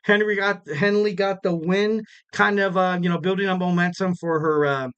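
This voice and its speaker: A man's voice: high voice, fairly even intonation, normal speed, fairly bright tone, clear, resonant tone, lo-fi sound. A young man hosting a solo podcast, recapping in a loose, rambling way with lots of fillers and jokey asides. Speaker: podcast host. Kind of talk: casual solo wrestling recap.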